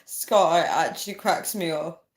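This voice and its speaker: A woman's voice: fairly low pitch, measured pace. A woman hosting a casual livestream, reading out viewer comments, tired and often breaking into fits of laughter. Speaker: livestream host.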